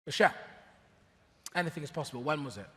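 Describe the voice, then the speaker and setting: A man's voice: on the high side, expressive, fast, a bit bright. A man hosting a live conference panel, rousing the audience with lots of energy. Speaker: event host and panel moderator. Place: large conference hall with audience. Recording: hall reverb, crowd.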